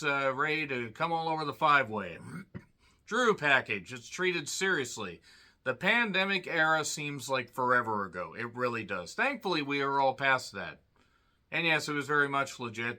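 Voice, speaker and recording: Guy doing a wrestling recap, dry sarcastic delivery, keeps clearing his throat, really bright sharp tone. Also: mid-range voice. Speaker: wrestling show reviewer. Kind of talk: casual spoken review.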